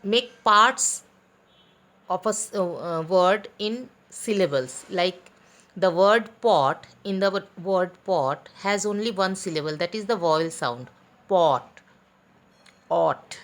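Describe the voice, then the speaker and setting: A woman teaching an online class for young pupils, talking deliberately, spelling out letters and pausing with fillers. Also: mid-range voice, a bit bright. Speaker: school teacher.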